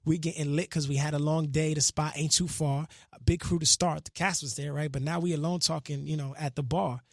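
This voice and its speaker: A man's voice: a little high, a little fast, creaky, dry recording. A man in a casual radio studio interview, talking loosely and half-singing his own lyrics as he explains them. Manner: relaxed, half-sings and recites his lyrics. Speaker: guest musician.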